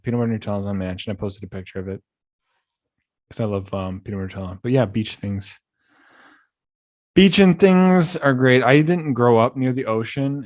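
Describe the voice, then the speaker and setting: A young man hosting a podcast, rambling through animated stories full of restarts. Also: on the low side. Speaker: podcast host. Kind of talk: casual chat.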